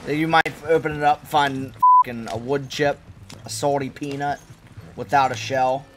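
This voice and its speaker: A man's voice: medium pitch, moderate pace, very noisy. A man rambling and joking in casual commentary while playing a video game. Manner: rambling, joking, deadpan riffs. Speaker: gaming streamer.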